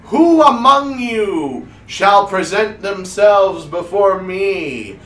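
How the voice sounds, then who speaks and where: A grandiose stage wizard, as a man puts him on, booming out slow, drawn-out announcements in a raised, sweeping voice. The sound is roomy and a bit distant, with faint noise behind it. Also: lively intonation, fairly bright tone, exaggerated voice.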